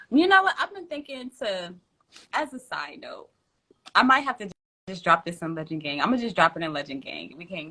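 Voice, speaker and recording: A woman's voice: mid-range voice, pushed and bright. A woman hosting a tarot livestream from home, chatting casually in slang, laughing often and reading out viewer comments.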